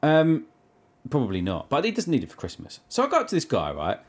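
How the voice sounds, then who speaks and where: A man's voice: medium pitch, wildly swooping pitch, fast. A British man co-hosting a podcast, telling a story in casual chat, swearing and laughing a lot. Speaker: podcast co-host.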